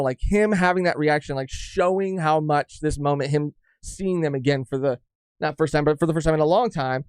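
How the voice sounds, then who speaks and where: A young man co-hosting a podcast in casual chat, rambling and halting with frequent restarts. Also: fairly high pitch, dry recording, studio quality. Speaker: podcast co-host.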